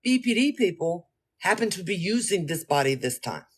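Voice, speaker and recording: With a high, slightly breathy voice at a moderate pace, a man rambles through a lively, slangy story aimed straight at his listeners in a casual tone.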